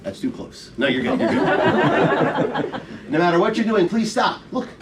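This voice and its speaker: A middle-aged stage magician full of playful patter, his voice rising and falling in a lively, animated way as he jokes with volunteers. He sounds a little higher than most men. He is caught from a distance by a camera in the audience, with faint room noise underneath. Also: measured pace. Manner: playful, teasing audience banter. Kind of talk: live comedy magic show patter. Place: theater show room, recorded from the audience. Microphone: audience member's camera from the front row.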